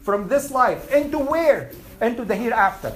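A woman's voice: on the high side, animated, moderate pace, background noise. A woman teaching an Islamic class, asking her students questions and repeating her points. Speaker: religious teacher.

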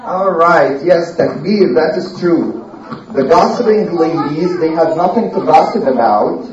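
A woman's voice: low-pitched, lively intonation, measured pace, darkish tone. Woman teacher, storytelling to children, asks class questions, echoey classroom, distant and dull.

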